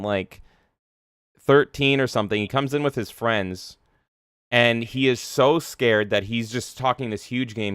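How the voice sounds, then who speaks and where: Animated swearing male storyteller host. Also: lowish voice, clean tone, dry recording, clean studio sound. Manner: animated, swears a lot, acts out voices. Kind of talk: casual chat, storytelling.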